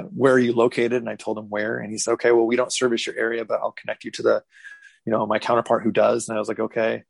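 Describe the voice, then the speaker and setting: A man in his thirties telling a candid personal story as an interview guest, halting with many restarts. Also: fairly low pitch, creaky, dry recording, rough recording.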